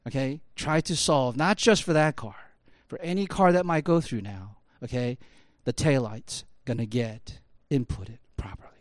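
Here a man with a mid-range voice speaks at normal speed with few pauses, recorded dry. His casual storytelling is thick with fillers like "like" and "you know" and builds to emphatic peaks.

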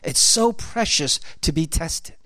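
Animated preacher firing rhetorical questions. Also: mid-range voice, no echo. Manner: emphatic, rapid-fire rhetorical questions; conversational, repeats key phrases. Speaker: pastor. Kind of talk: sermon.

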